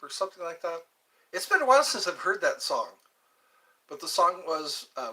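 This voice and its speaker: A man hosting a casual live stream, musing aloud and half-singing song lines softly. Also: on the high side, very animated, normal speed.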